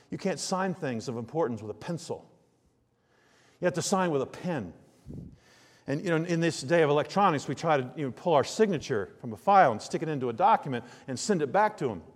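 A man preaching a sermon, telling homely stories with emphatic, drawn-out phrases. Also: medium pitch. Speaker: pastor. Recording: long reverb of a large hall.

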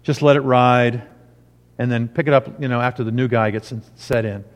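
A man's voice: mid-range voice, steady tone, normal speed. A man preaching a sermon as pastor, telling a personal story and rising into emphatic preaching. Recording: long hall reverb.

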